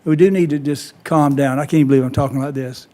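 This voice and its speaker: A man, a county council member speaking in a halting, conciliatory way at a meeting. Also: a little high, fairly even intonation, mellow.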